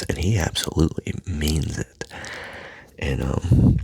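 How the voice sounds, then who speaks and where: A man speaking in a soft, halting personal monologue that often drops to a near-whisper, with a husky voice. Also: rumbling low, dry recording. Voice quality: husky, gravelly. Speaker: self-help speaker.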